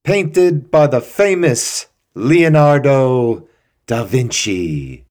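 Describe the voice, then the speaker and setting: A man voicing a desperate aging art restorer who speaks slowly and theatrically. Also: fairly low pitch, warm tone, voice pushed up. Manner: theatrical, slow and declaiming.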